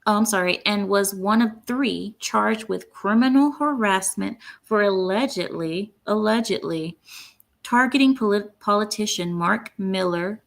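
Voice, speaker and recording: Speaking unhurriedly in a creaky, mid-range voice, a woman delivers indignant solo commentary on her own channel. She is blunt throughout and keeps breaking off to read quotes out loud.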